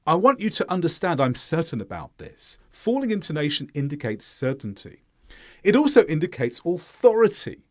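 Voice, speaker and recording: A male English teacher explains his lesson in a clear, deliberate way. His voice sits a little above average in pitch and swings up and down with animated intonation.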